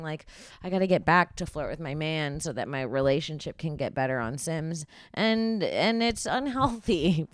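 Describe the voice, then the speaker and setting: Low-voiced woman in her 30s, stand-up comic rambling on her podcast, swears a lot, dry close mic. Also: clear, resonant tone, no echo. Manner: rambling, profane, confessional. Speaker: stand-up comedian hosting a podcast. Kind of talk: casual comedic monologue. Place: podcast studio.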